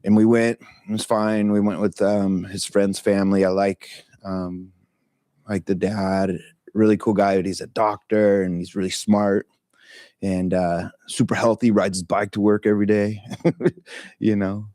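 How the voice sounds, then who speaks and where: A man's voice: fairly low pitch, level tone, measured pace, warm tone, no echo, clean studio sound. A middle-aged man leading a meditation talk, telling a personal story in a candid, casual way with frequent swearing, laughter and fillers.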